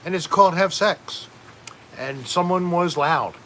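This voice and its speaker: A man's voice: sits high, a little slow, a bit bright, a little hiss or hum. A man hosting a casual home livestream, rambling and joking while reading out chat names. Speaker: livestream host.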